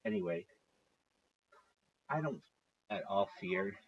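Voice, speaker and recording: A man's voice: lowish voice, slow. A man telling a rambling story on a casual livestream, swearing often and acting out what others said. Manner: rambling, swearing, quotes others in lively voices. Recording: dull lo-fi stream audio.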